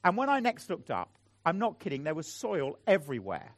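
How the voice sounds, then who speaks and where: A middle-aged man delivers a sermon in a fairly high, lively voice that rises and falls as he speaks. His earnest, pleading appeals to the congregation are recorded close and dry. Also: brisk, no room sound. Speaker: preacher.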